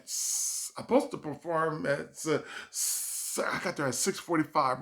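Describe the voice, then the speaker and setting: Brief: comedian man, bright voice, rambling storytelling with restarts. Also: on the high side, creaky. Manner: rambling, with restarts and self-corrections. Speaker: stand-up comedian. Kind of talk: casual storytime vlog.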